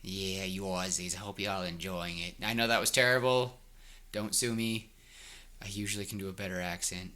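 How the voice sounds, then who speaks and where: A man co-hosting a podcast in casual chat, animated and quick to laugh. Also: low-pitched. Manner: animated, laughing, bouncy delivery. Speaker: podcast co-host.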